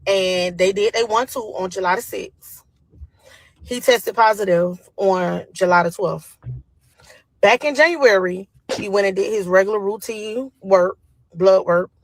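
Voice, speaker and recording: A woman retells gossip in a casual rant. Her voice is husky at a middling pitch. She quotes other people's words as she goes. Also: measured pace, no echo, low-quality recording.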